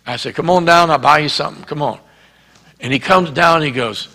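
A man's voice: on the high side, a little fast, vocal fry, pushed and bright. A man with a Southern US accent preaching a sermon as pastor, telling a story and acting out the dialogue. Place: church sanctuary. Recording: reverberant church hall.

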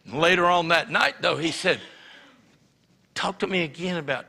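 Brief: male pastor, raspy bright voice, lively testimony from the pulpit, reverberant hall. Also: fairly high pitch, moderate pace. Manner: animated storytelling, acts out quotes. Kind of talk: sermon testimony. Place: church sanctuary.

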